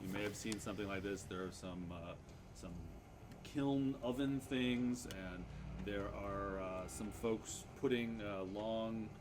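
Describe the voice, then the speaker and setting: A man's voice: on the low side, measured pace. Man narrating a tabletop game, noisy room. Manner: hesitant, many fillers, chuckling. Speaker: game master. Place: backyard or living room, home table. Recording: noisy home table recording.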